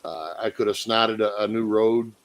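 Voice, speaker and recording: A man's voice: on the low side, moderate pace. A man chatting casually as a stream guest, laid-back and crude, peppering his talk with dude. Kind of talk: casual livestream chat.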